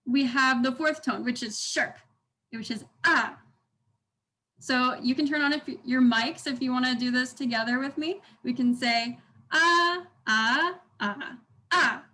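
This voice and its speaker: A woman's voice: fairly high pitch, a bit bright, rough recording. A young woman teaching an online language workshop over a video call, upbeat and encouraging, modeling sounds for the class to repeat. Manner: upbeat, encouraging, demonstrates tones aloud.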